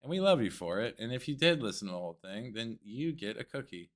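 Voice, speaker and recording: A man's voice: medium pitch, big pitch swings, fast talker. A man co-hosting a podcast, joking and rambling in casual chat. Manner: joking, rambling banter, calls people dude. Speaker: podcast co-host.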